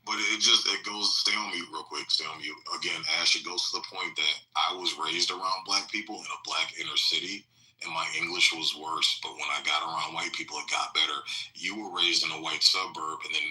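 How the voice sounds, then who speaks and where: A man's voice: extremely low pitch, steady tone, brisk, sharp tone, rough recording. A man on a remote call in a heated online debate, lecturing insistently and holding the floor. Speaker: debate panelist.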